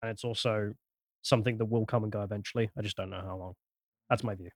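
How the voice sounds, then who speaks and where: A man co-hosting a podcast in casual chat, often restarting his sentences and trailing off quietly. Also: fairly low pitch, steady tone, quick pace, dry recording, clean studio sound. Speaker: podcast co-host.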